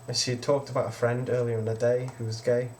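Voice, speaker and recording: A man's voice: medium pitch, little pitch movement, quick pace, a little mellow, a little hiss or hum. Rambling teenage guy. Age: teens. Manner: casual, rambling, quotes others with "I was just like". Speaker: vlogger. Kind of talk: personal storytelling vlog.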